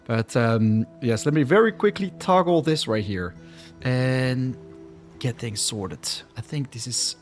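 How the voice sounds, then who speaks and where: A man's voice: mid-range voice, lively intonation, unhurried, soft background music. A man chatting casually on his live stream, slightly out of breath, with lots of fillers and restarts. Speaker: game streamer.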